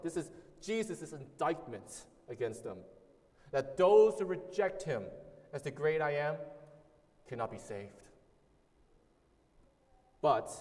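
A man's voice: medium pitch, darkish tone, big-room sound. A man preaching a sermon as a pastor, earnest and emphatic, repeating key words and sometimes restarting phrases.

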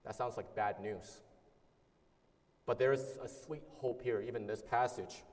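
A male pastor delivering a sermon in an earnest, emphatic way, leaning on repeated words and now and then restarting a phrase. His voice sits at an ordinary middle pitch for a man. It carries a long reverberant tail, as if recorded in a large hall. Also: steady tone, moderate pace, darkish tone.

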